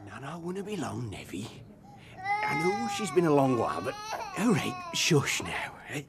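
An actor playing a cantankerous old grandfather, grumbling and cracking bad jokes in a broad, gravelly voice. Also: mid-range voice, huge pitch swings, normal speed, noisy background. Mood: flustered. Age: older. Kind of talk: TV drama acting.

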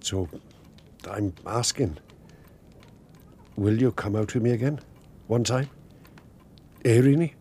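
An actor playing a gentle, romantic older man, speaking softly and earnestly in a husky voice. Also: lowish voice, takes it slowly, pauses often. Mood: tender. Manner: soft, earnest, poetic.

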